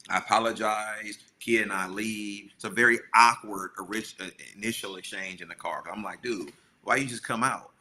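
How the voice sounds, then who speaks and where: A man's voice: lowish voice, fairly even intonation, normal speed, few pauses, pushed and bright. A middle-aged man co-hosting a podcast, telling a story in casual chat and acting out the people he quotes. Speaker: podcast co-host.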